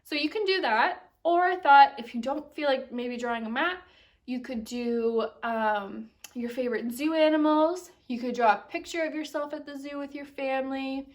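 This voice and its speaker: Young female teacher, lively read-aloud, lightly distant home recording. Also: high voice, moderate pace. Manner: animated storytelling with expressive character voices. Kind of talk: reading a picture book aloud to children.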